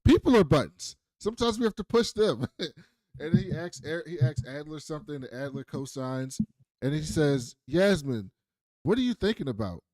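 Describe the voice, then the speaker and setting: Male podcast co-host, lively storyteller who acts out scenes, dry close-mic sound. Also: a little high, moderate pace, no room sound. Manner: animated storytelling, acts out characters' lines. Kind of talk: casual TV recap chat.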